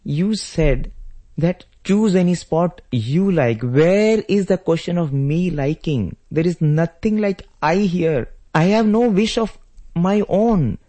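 A man's voice: lowish voice, moderate pace, warm tone. A man voicing a devoted young prince brother who speaks earnestly and emphatically while telling a story in a spiritual discourse. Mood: pleading.

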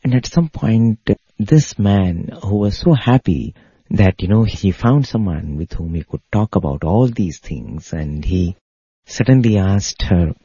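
A man with a dark, low voice and a husky, gravelly grain tells a devotional story in earnest. The recording is dull, lo-fi and dry, with no room sound. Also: expressive, measured pace, no echo. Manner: earnest, rises in pitch when quoting others.

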